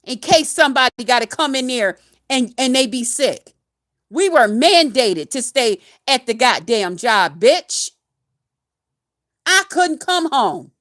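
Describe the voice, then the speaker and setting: A woman's voice: high voice, very animated, slow, a bit bright. A woman who works as a nurse, ranting to her viewers in a heated, emphatic way, cussing and hurling insults throughout. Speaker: nurse and vlogger. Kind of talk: angry profane rant to camera.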